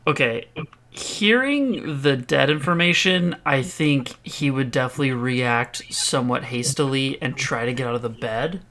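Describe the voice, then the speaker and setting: A man playing a character in a tabletop game, excitable and quick to swear and laugh. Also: medium pitch. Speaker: player. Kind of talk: casual tabletop role-play.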